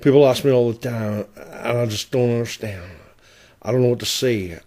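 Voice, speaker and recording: A man voicing a smooth-talking male rock-and-roll crooner who croons slowly. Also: medium pitch, warm tone, natural voice. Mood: crooning. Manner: slow, crooning.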